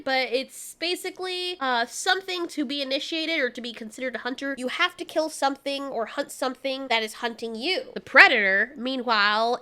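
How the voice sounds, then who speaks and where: Woman, casual film review, sarcastic, exasperated, high voice. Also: pushed and bright. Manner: sarcastic, exasperated, laughs through asides. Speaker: movie reviewer.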